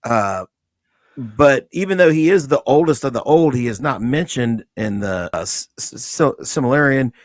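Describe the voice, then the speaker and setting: Male co-host, mid-pitched, easygoing and explanatory, dry recording. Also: moderate pace, dry recording. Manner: relaxed, loose explaining with fillers. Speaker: podcast co-host. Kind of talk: casual review chat.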